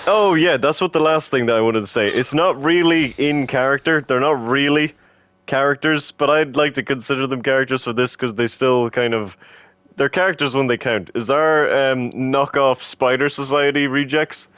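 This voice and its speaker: A man's voice: medium pitch, fairly even intonation, normal speed, a bit bright, smooth, no echo. A man in casual podcast chat who laughs a lot and rambles with enthusiasm. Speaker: co-host.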